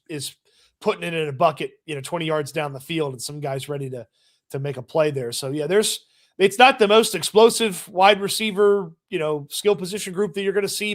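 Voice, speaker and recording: A man co-hosting a casual football talk show, giving relaxed analysis with frequent restarts. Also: on the high side. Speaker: sports show co-host.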